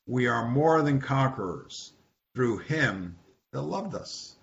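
A man's voice: medium pitch, lively intonation, a little slow. A man leading an informal Bible study, teaching conversationally and asking the group questions. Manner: conversational, repeats words, asks the group questions. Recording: dull lo-fi recording with faint hiss.

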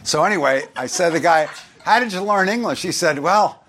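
A pastor from New York with a New York accent, preaching in a conversational way with joking asides and scripture read aloud. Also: male voice, a little high, animated, fast, pushed and bright. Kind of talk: sermon.

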